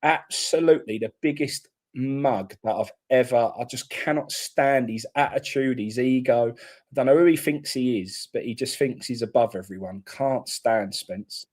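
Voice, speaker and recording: A man's voice: medium pitch, normal speed, a little mellow. A man hosting a live football watchalong, chatting casually and reacting bluntly to the play.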